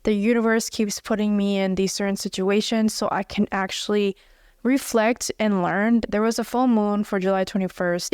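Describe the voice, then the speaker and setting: Smooth-voiced young woman, earnest self-help talk. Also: medium pitch, a little mellow, dry recording, clean studio sound. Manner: earnest and direct, blunt at times. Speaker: wellness coach.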